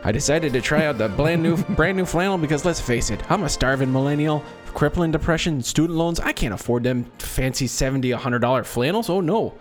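A man's voice: fairly high pitch, a little fast, few pauses, faint music behind, voice pushed up, lightly acted. A man putting on a Canadian accent to read a review as a boastful Canadian. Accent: put-on Canadian. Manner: loud, over-the-top, laughing through it.

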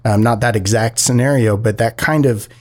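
A man's voice: medium pitch, moderate pace. A man co-hosting a casual podcast, telling stories in a rambling way and often correcting himself. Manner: rambling, self-correcting storyteller. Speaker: co-host.

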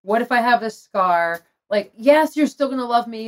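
A woman's voice: on the high side, expressive, moderate pace, few pauses, noisy background. Middle-aged woman spilling her story, open and emotional, laughs a lot. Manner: candid, emotional, laughs often. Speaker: guest telling her story. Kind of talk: personal storytelling in conversation.

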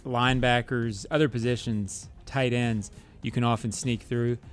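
A man's voice: medium pitch, fairly even intonation, faint music behind. Analytical male sports talk host. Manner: measured, analytical, thinks aloud with fillers.

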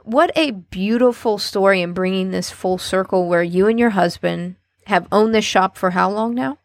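A woman's voice: medium pitch, dry recording, studio quality. A woman hosting a podcast interview, reflective and affirming as she frames her guest's story. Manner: slow, reflective, warm affirmations. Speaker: podcast host.

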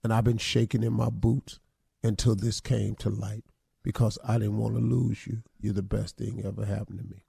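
A man hosting an improv comedy show, talking in an animated way and laughing through his lines. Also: on the low side, moderate pace, creaky, husky, no echo, clean studio sound. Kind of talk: casual comedic chat.

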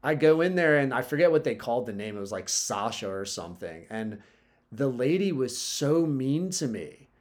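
A man's voice: mid-range voice, big pitch swings, moderate pace. A man in casual chat, telling a story in a laid-back way, swearing often and leaning on "like" and "dude".

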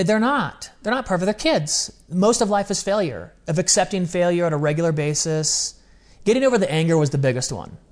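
A man in his forties with a slightly higher voice talks in a candid, confessional way on a podcast. He speaks earnestly and often rushes through phrases in quick bursts. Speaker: podcast co-host. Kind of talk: candid conversational podcast talk.

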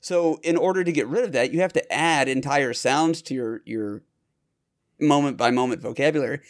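A man's voice: mid-range voice, normal speed. Rambling, chatty podcast host man. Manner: rambling, self-correcting, chatty. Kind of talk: casual chat.

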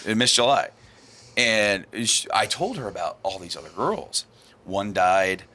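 A man's voice: lowish voice, a little slow. A man casually telling a long story among friends, rambling and acting out what others said. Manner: rambling storyteller, animated, laughs while acting out quotes. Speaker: podcast co-host telling a story. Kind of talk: casual chat.

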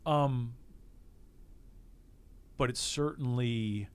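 A man's voice: medium pitch, extremely slow, smooth. A middle-aged man giving a candid, emotional interview on a podcast, reflecting with frequent restarts. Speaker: interview guest, former team executive.

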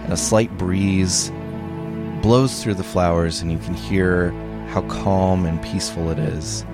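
A man reading a mock radio commercial aloud, stage directions and all, in a hushed and dramatic way. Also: deep voice, steady tone, over loud music. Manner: hushed, dramatic, drawn-out storytelling.

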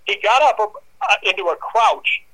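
Speaking a little slowly in a high voice, a male guest shares a dramatic personal tale in an interview, captured on poor audio. He brings it to life by acting out different voices and making dog growls.

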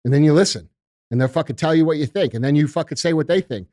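On a casual podcast interview, a male guest talks about leadership with fiery intensity, cursing often and addressing people as bro and dude. He speaks quickly in a slightly high, darkish voice, captured at studio quality with no room sound.

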